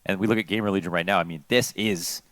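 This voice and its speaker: A man giving relaxed, explanatory color commentary on a competitive shooter match. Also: sits low, fast, no echo. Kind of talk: esports analysis commentary.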